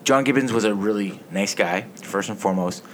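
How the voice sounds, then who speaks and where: A man's voice: on the low side, brisk, slight background noise. A man hosting a casual sports podcast, telling stories in a rambling, swearing way. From Canada. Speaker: podcast host.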